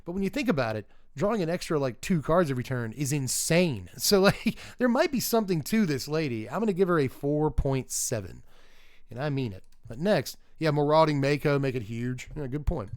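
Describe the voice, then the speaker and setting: A man's voice: on the high side, lively intonation, a little fast, darkish tone, dry recording, studio quality. A man doing a casual live-stream review of game cards, chatting and thinking aloud with rambling asides and restarts.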